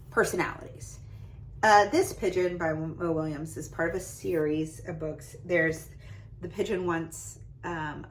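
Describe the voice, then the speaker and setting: A woman's voice: lowish voice, slight background noise, low-quality recording. Chatty woman giving read-aloud tips. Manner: lively and chatty, showing off book pages. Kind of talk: casual instructional talk.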